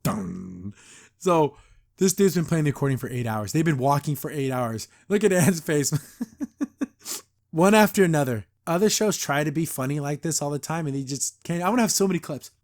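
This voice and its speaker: A podcast host giving a casual episode review, laughing often and acting out the characters' lines. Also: male voice, fairly high pitch, animated, fairly quick, a little mellow.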